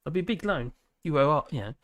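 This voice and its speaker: A man's voice: a little high, lively intonation, quick pace. A man hosting a casual livestream, reading viewer comments aloud and rambling with many fillers and restarts. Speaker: livestream host.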